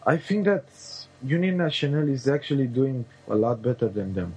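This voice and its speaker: A man's voice: mid-range voice, a little fast, darkish tone, breathy edge, poor audio. A man co-hosting a casual chat who cuts in with short, jokey remarks. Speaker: podcast co-host.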